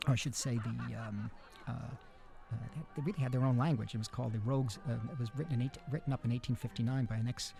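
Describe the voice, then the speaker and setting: A man recording a film commentary, speaking in a halting way with many fillers and restarts. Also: mid-range voice, creaky, dark tone. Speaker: film director giving commentary.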